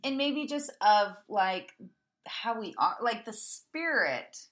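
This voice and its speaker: Bright-sounding woman cohost, chatty, keeps egging her friend on. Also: a little high, animated, slow. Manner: encouraging, prompts the guest to tell stories. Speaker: podcast co-host. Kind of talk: casual chat.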